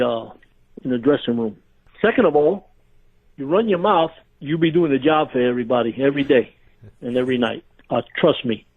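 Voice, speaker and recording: A man's voice: fairly high pitch, breathy edge. A man, a former pro wrestler, telling backstage stories in a casual interview, laughing as he goes. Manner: animated storyteller, laughing through his stories. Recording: tinny phone-line audio.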